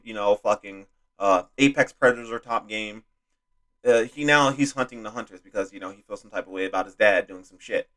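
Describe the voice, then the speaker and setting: A man's voice: fairly low pitch, normal speed, sharp tone. A young man giving casual, rambling movie commentary as a video host, with lots of fillers and swearing. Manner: rambling, frequent fillers and profanity.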